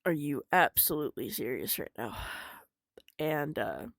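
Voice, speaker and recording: Halting young woman telling her story. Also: sits low, big pitch swings, creaky, no echo, clean studio sound. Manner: halting and emotional, with frequent swearing. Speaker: vlogger. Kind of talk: unscripted personal story.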